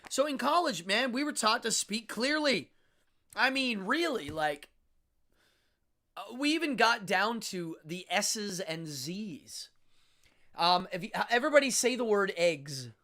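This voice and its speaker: A live-stream host in their fifties talks through a casual solo monologue at an unhurried pace. The voice sits in a middle register. The diction is precise and teacherly, with sounds acted out and words drawn out for emphasis. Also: mid-range voice, lively intonation, sharp tone. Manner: deliberate, careful enunciation with drawn-out emphasis; demonstrative, teacherly, acts out sounds.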